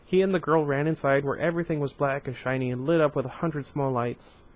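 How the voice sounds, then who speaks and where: Casting: relaxed man reading a novel aloud, stumbles and corrects himself, chatty asides. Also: fairly high pitch, fairly quick. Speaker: book reader.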